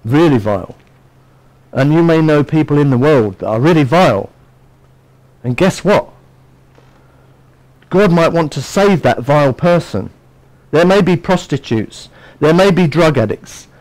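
A man preaching a sermon in an animated storytelling manner, acting out what people say. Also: fairly high pitch, unhurried, long pauses, rough recording. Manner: animated, storytelling, acts out voices.

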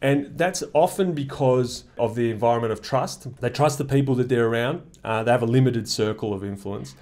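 A man's voice: mid-range voice, normal speed, darkish tone. A man giving a reflective monologue to camera, explaining his ideas in a thoughtful way with frequent "uh" fillers. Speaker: commentator. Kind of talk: reflective talking-head monologue.

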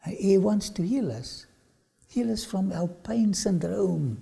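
In a high, animated, mellow voice touched with vocal fry, a man preaches a sermon-like lecture. His delivery is slow and dramatic, with sudden frequent drops to a whisper.

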